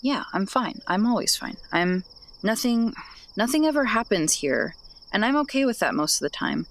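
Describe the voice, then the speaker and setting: A guarded, shy teenage kid, as a woman acts it out in a tabletop role-play, stammering and hesitant. The voice sits at an ordinary middle pitch and stays close to everyday talk. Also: animated, moderate pace, a little hiss or hum, close to an everyday voice. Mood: tender.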